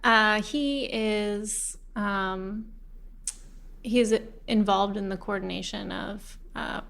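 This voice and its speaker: A woman's voice: mid-range voice, fairly even intonation, slow, gravelly, fairly bright tone. A woman from Alabama as a podcast guest, talking in a dry, wry, self-deprecating way. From Huntsville, Alabama, USA. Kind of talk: casual interview chat.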